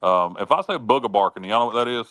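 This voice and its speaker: A man hosting a sports talk show, telling folksy sayings with many halting restarts. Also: on the low side, lively intonation, a bit bright, no echo. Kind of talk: casual chat.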